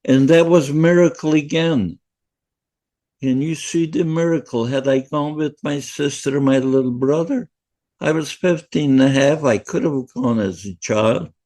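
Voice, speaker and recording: Very slow-spoken man in his nineties. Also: a little high, dark tone. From Poland. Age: 90s. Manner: slow, halting, emotional, with restarts. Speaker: podcast guest, Holocaust survivor. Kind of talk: first-person testimony storytelling.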